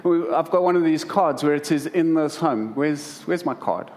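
A man's voice: a little high, normal speed, a little mellow, a little hiss or hum. A middle-aged man preaching to a congregation, telling humorous stories about family life. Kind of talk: sermon.

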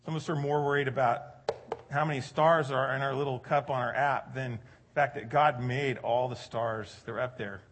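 A middle-aged man preaching a sermon in a relaxed, conversational way, joking with the congregation and rising louder for emphasis. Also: medium pitch, moderate pace, slight background noise. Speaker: pastor.

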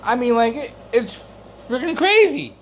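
A man's voice: very high-pitched, very animated, normal speed, slight background noise. A man ranting about a long-distance relationship in a rambling, exasperated way, swearing and repeating himself, with a cough now and then. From United States. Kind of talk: casual storytelling rant.

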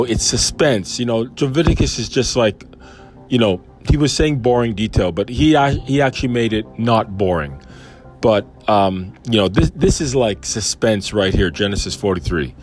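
A man casually reading a Bible chapter aloud and commenting on it, enthusiastic and rambling with many fillers. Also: mid-range voice.

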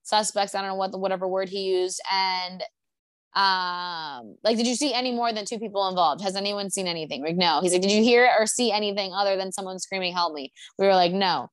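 A young woman chats casually from her apartment, rambling through a story full of filler words and swearing. Her voice sits at a middle pitch, and the sound is close and dry with no room echo. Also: a little fast, clean tone. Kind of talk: casual chat.

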